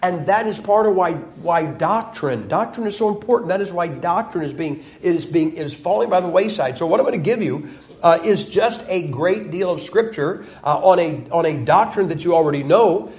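Male preacher, high-pitched, emphatic folksy sermon delivery with mocking asides. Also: lively intonation, normal speed, a little mellow. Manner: quotes others in mocking voices. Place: church.

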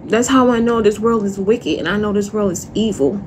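A woman livestreaming an emotional monologue, upset and distressed, speaking haltingly, repeating phrases and trailing off into sighs. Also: mid-range voice, noisy background.

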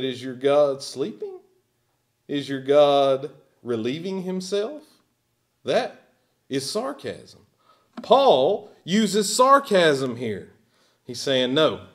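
Preacher, male, fairly high voice, swings up and down a lot, emphatic. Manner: emphatic, rising and falling preaching with bursts of volume. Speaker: pastor. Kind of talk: sermon. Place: church sanctuary.

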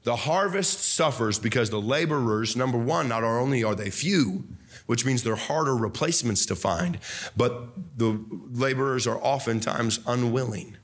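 Young man, pastor, fervent sermon, sudden loud bursts, mid-pitched voice. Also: moderate pace. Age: young adult. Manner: fervent, swings between loud mock voices and low asides.

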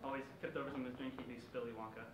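A man improvising puns on stage, with halting fillers between them. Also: medium pitch, fairly even intonation. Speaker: improv performer. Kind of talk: live improv pun game. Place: performance room with a live audience. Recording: echoey room with background noise.

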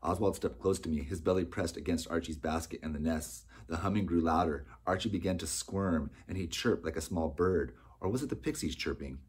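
A man narrating an audiobook in a steady storytelling manner. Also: deep voice, fairly quick, hardly any pauses, husky. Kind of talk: scripted narration.

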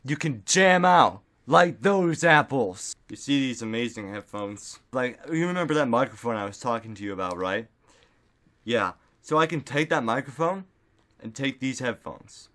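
Speaking into a desktop studio mic at home, a vlogger rambles goofily in an expressive, medium-pitched voice. He piles on fillers and breaks into silly shouts at a moderate pace, like a loose, casual solo vlog.

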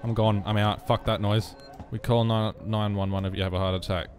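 A man's voice: on the low side, little pitch movement, fairly quick, a little mellow, faint music behind. An Australian man streaming a horror game, nervous and jittery, swearing a lot and joking through his fear. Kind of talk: live-streamed horror gameplay commentary.

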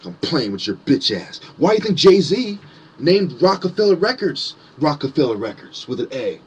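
Husky man in a profane sarcastic rant. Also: a little high, big pitch swings, normal speed, a little mellow. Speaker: conspiracy commentator. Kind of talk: angry ranting monologue.

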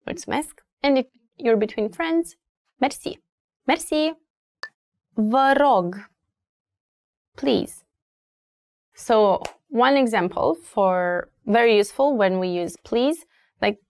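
A Romanian woman with a Romanian accent, teaching travel phrases slowly and repeating each one for learners. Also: medium pitch, no room sound. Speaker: language teacher. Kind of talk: language lesson.

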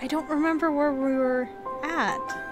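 A woman casually commenting on a game playthrough, excitable and giggly, gushing with exclamations. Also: sits high, measured pace, music in the background. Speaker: gaming channel host.

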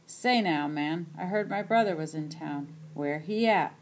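A jaunty, charming grown man, put on by a woman reading aloud, calls out in easy slang. The voice sits low and loose. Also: unhurried, slight background noise. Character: breezy, charming grown man, the favored brother.

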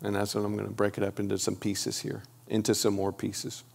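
A middle-aged man giving a relaxed church teaching, talking it through with pauses and restarts. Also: on the low side, vocal fry. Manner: conversational, pauses with fillers and restarts.

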